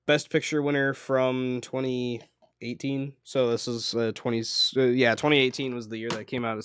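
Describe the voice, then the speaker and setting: Rambling young man, smooth dry voice. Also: mid-range voice, fairly bright tone, no echo. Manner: rambling, self-correcting, laughs often. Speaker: movie collection vlogger. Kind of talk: casual chat.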